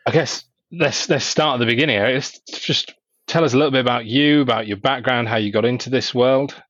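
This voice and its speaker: A man's voice: medium pitch, brisk, a bit bright, dry recording, highs cut off. A British man co-hosting an interview, joking and laughing easily. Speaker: podcast co-host.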